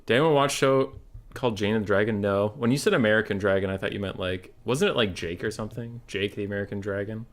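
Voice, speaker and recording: A man's voice: on the low side, quick pace. Brash, swearing gaming streamer man. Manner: brash, swearing, animated, talks to chat. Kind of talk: casual gaming stream chat.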